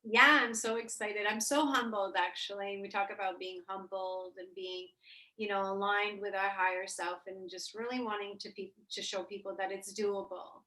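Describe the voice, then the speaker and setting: A woman's voice: mid-range voice, fairly even intonation, normal speed, pushed and bright, roomy sound, rough recording. A woman co-hosting a casual spiritual heart-to-heart chat, emotive and swearing freely. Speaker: co-host.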